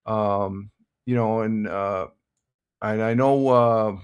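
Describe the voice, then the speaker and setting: A man's voice: fairly low pitch, fairly even intonation, slow, clear, resonant tone, lo-fi sound. An older American man hosting a casual live stream, rambling with many restarts and giving blunt opinions while reading viewer comments. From United States.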